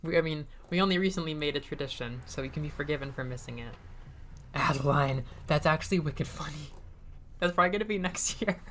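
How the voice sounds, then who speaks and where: A woman's voice: low voice, fairly quick, fairly bright tone, a little hiss or hum. A woman streamer giving casual, self-mocking commentary while she plays a game. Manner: chatty, self-mocking, giggly asides. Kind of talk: casual let's-play commentary.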